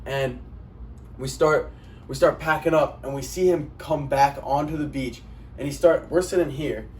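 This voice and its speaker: A laid-back young man with a fairly high voice tells a story in casual chat, dropping "you know" and "like" as he goes. His voice comes from some distance off the mic, over a faint hiss. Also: normal speed. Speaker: podcast co-host.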